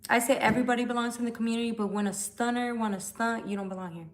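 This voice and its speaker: She races through her words in a fairly high-pitched, fairly even voice while hosting a tarot live stream from her phone. The casual chat turns blunt and confrontational as she curses and calls viewers out.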